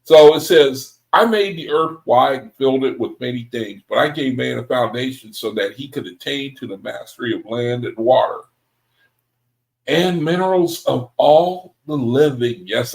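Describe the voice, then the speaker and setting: On a rough recording, a man with a mid-range, fry-tinged voice leads a Bible study. He reads scripture aloud, offers excited commentary, laughs a lot, and refers to the group as brethren.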